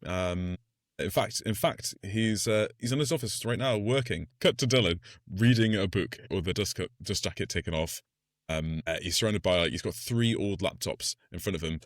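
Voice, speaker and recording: A man's voice: deep voice, normal speed, dry recording, clean studio sound. A man co-hosting a podcast, retelling a film scene by scene in casual, laughing chat. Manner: laughing, animated retelling with acted-out quotes. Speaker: podcast co-host.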